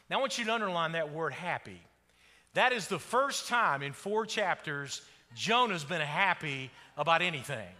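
A pastor preaching to his congregation, his high voice ringing through a big reverberant hall. He drives his points with dramatic swings, bursting loud and then dropping to a low hush. The tone is bright and cutting. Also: very animated, moderate pace. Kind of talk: sermon.

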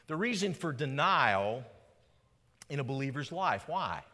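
A man preaching a sermon as pastor, with dramatic swings between loud rhetorical questions and low, quiet emphasis. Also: big pitch swings, measured pace. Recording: long hall reverb.

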